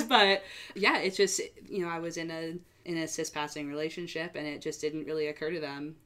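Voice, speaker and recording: Low-voiced woman in casual chat. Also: brisk. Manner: relaxed, chatty, many fillers. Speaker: guest sharing a coming-out story. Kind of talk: casual podcast conversation.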